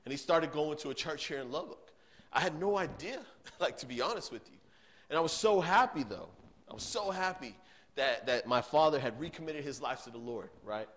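Earnest pastor preaching. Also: male voice, fairly high pitch, lively intonation, a little fast. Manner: earnest storytelling, swinging between loud emphasis and hushed tones. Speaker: youth pastor. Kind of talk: sermon.

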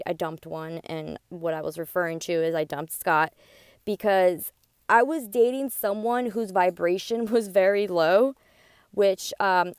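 A woman host chats through her podcast episode in a smooth, clear voice at an ordinary middle pitch. She sounds upbeat and loose, with plenty of "like" and "you know." The sound is close and dry, with no room behind her. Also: dry recording. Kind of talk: casual podcast monologue.

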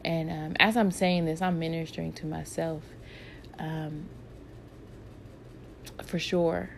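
A woman with a deep, creaky voice speaks steadily and unhurriedly over some background noise. In a casual advice format, she answers viewer questions drawing on her work with patients, sounding reflective and encouraging and returning again and again to her main points.

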